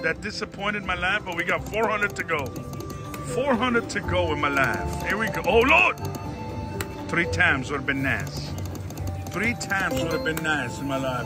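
Male slot vlogger, high lively voice, excitable running commentary, slot machine music behind him. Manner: exclamatory, keeps saying "oh, Lord" and "everybody".

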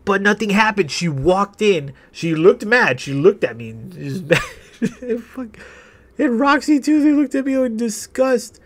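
Young male gamer, slightly high voice, rambly and profane, casual storytelling. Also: big pitch swings, a little slow. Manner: rambling, profane, laughing between sentences. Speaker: gaming channel host. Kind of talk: casual storytelling over gameplay.

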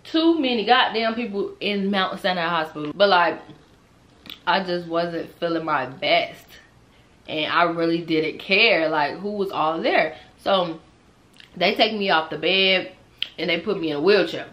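A young woman tells a storytime to her viewers in a bright, forceful voice. She is animated and laughs often, swearing freely as she goes. She keeps speaking directly to the people watching. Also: lowish voice, moderate pace. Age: young adult. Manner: talks straight to viewers. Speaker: storytime vlogger. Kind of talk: casual storytime.

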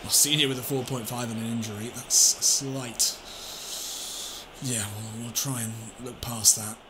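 A man calls the action of his football video game like a TV commentator, often dropping to a low mutter before bursting out loud with laughter. His voice sits at an ordinary middle pitch, and a steady hiss of noise runs under the home mic. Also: a little fast. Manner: excitable, swings from calm muttering to shouting and laughing. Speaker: gaming YouTuber.

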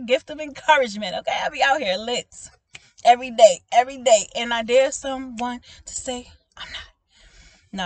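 This woman is a prophetic minister addressing online viewers in an informal, animated, emphatic way, with a high-sitting voice and no room sound. She laughs often, keeps asking "okay?", calls them "baby", and moves between loud exclaiming and quiet talk.

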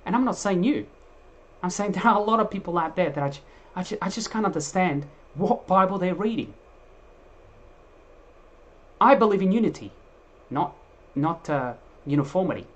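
A man's voice: high voice, moderate pace, pauses often. Emphatic man preaching a sermon. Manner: emphatic, animated preaching with restarts.

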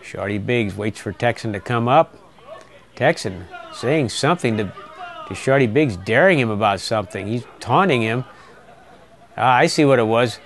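A middle-aged man giving folksy, excitable play-by-play commentary on a wrestling match. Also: medium pitch, moderate pace.

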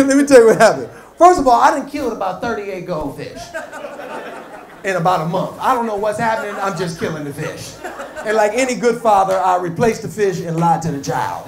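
A man doing a stand-up comedy set, telling stories with lively, loud punchlines. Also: high-pitched, fairly quick, creaky. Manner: animated storytelling, loud punchlines. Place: comedy club stage. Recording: echoey club with crowd noise. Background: audience laughter.

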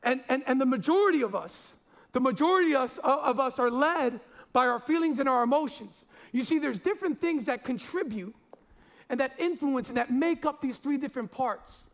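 Man in his forties, very high voice, pastor preaching in a loose, jokey, stumbling way. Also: animated, moderate pace. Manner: chatty and jokey, with many repeated words and fillers. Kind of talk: sermon.

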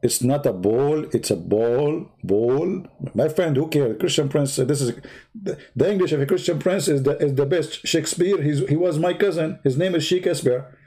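A man's voice: fairly high pitch, moderate pace, mellow, breathy edge. A man hosting his own channel, giving sarcastic commentary while he draws, with rambling asides and mocking rhetorical questions. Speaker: channel host.

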